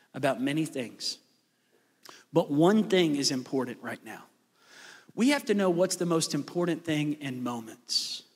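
Middle-aged male pastor, lively joking sermon delivery, husky tone, big church-hall reverb. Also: on the high side. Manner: lively storytelling, quick asides and playful jokes.

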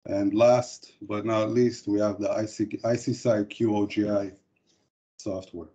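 A man presenting a corporate product webinar, speaking in a halting way with frequent hesitations. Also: lowish voice, little pitch movement, mellow. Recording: dull lo-fi webinar audio.

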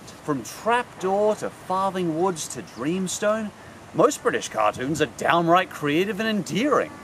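Sarcastic animated male reviewer. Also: high-pitched, measured pace, a little hiss or hum. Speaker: host. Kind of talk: comedic cartoon review.

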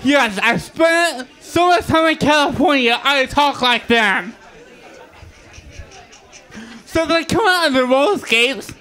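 High-voiced man with a speech impediment. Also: expressive, measured pace, sharp tone. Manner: self-deprecating, joking with the crowd. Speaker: open mic stand-up comedian. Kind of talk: stand-up comedy set. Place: bar stage with live audience.

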